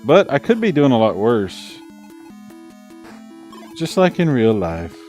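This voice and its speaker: A man's voice: mid-range voice, very animated, slow pace, a little mellow. A middle-aged man streaming a game in casual chat, laid-back and chuckling at himself. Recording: faint game music behind.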